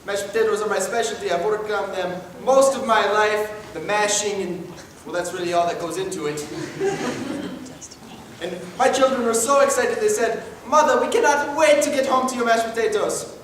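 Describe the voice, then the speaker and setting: A man in falsetto playing a doting, fussy mother obsessed with potatoes in an improv comedy scene. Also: moderate pace, a bit bright, slight background noise. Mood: earnest. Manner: high falsetto, dramatic and earnest. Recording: echoey room from far off, live stage.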